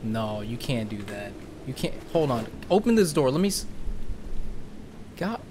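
A man's voice: medium pitch, big pitch swings, unhurried, noisy background. A young man giving jumpy, laughing, slang-filled commentary while playing a horror game. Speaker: gaming YouTuber.

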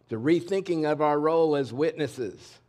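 A man's voice: fairly high pitch, moderate pace. Middle-aged man preaching with candid conviction. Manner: conversational, candid preaching that swings between loud and hushed. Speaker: pastor. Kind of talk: sermon. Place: church sanctuary.

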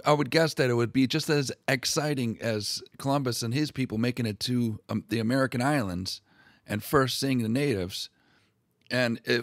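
A man's voice: medium pitch, no echo, clean studio sound. Irreverent man retelling history crudely. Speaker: history video host. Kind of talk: casual profane history retelling.

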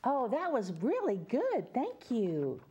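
Slow, sing-song woman reading to kids. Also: on the high side, huge pitch swings, mellow, husky. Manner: sing-song, coaxing children to join in; animal sounds and call-and-response. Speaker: children's storyteller host. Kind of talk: reading a picture book aloud to children.

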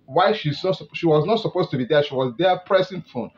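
A man's voice: fairly high pitch, animated, brisk. A man hosting a channel, introducing a clip and urging viewers again and again to watch and subscribe. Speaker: channel host. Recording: dull lo-fi sound.

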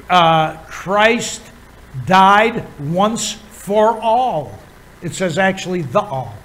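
A man teaching a Bible lesson as a pastor, pausing often with fillers while he explains words. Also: high-pitched, fairly bright tone, poor audio. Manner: halting, many filler pauses, chuckles while teaching.

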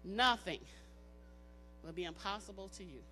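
Woman preaching hard, bright sharp tone, keeps repeating lines for the crowd to answer. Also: mid-range voice, normal speed, a little hiss or hum. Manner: emphatic, repetitive, call-and-response. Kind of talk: sermon. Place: church service.

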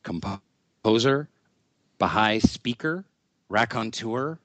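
Effusive male podcast host, low voice. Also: expressive, slow pace, no room sound. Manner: effusive, warmly complimentary. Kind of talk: casual interview chat. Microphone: video call interview.

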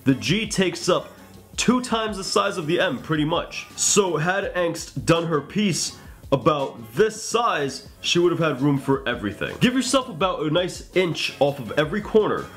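A man's voice: fairly high pitch, sing-song, normal speed, fairly bright tone, faint music behind. A man giving casual art critiques and tutorial tips, chatty and joking, with profane asides.

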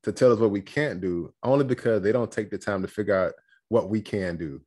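A man, a happiness coach, chatting as an interview guest, animated and quick to laugh. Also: fairly low pitch, husky. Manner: animated, laughs often, acts out quotes. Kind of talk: casual storytelling chat.

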